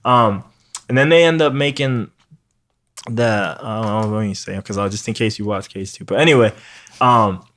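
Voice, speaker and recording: A man's voice: on the low side, normal speed. Profane, rambling New man. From New York. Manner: profane, rambling, animated storytelling. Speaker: podcast host. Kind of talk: casual chat.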